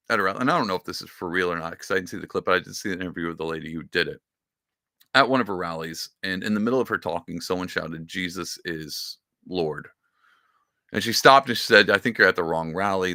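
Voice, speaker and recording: A man's voice: on the low side, creaky, bright, forceful tone, no echo, studio quality. A man hosting a podcast, giving casual, rambling political commentary with sarcastic asides. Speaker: podcast host.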